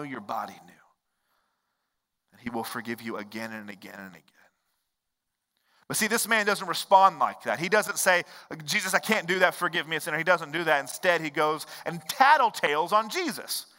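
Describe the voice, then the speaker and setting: A male pastor delivers a sermon in a high, bright voice. He swings from loud exclaims to quiet low lines and acts out the voices of the characters he quotes. The sound carries the long reverb of a large church hall.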